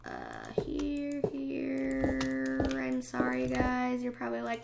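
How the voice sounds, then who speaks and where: A woman's voice: sits high, huge pitch swings, slow, vocal fry, heavy background noise. A young woman hosting a gaming channel, chatting casually over her play in a rambling, self-deprecating way that often sinks into whispered asides. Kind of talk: casual game commentary. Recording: loud background music.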